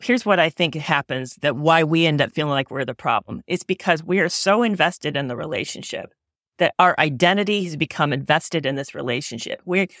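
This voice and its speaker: A woman's voice: low voice, fairly quick, a bit bright, no room sound. Earnest woman in a close, dry recording. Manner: earnest, searching, self-correcting. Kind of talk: reflective conversation.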